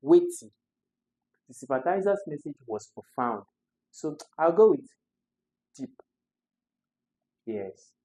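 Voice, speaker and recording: A man's voice: a little high, very animated, takes it slowly, pauses often, warm tone, low-quality recording. Man, exam tutor, step-by-step explanations, repeats key words. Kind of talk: exam question walkthrough.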